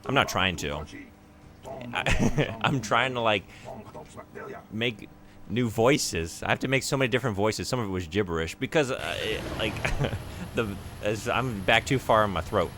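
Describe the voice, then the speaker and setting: A man chatting casually while he streams a video game, often giggling at himself. His voice sits a bit low and moves around a lot. Clear background noise sits under the stream mic. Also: expressive, unhurried. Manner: giggly, self-deprecating. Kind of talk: casual let's-play commentary.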